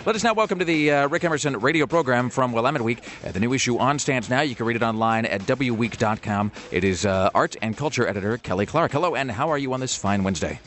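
A man hosting a radio talk show, chatting casually and quickly with many fillers and restarts. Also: mid-range voice. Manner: fast-talking, animated, many fillers.

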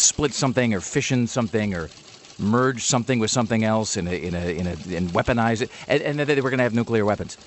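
A man's voice: medium pitch, a little hiss or hum. A man co-hosting a radio show, riffing on the news in a sarcastic, rambling way. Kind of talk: casual comedic chat.

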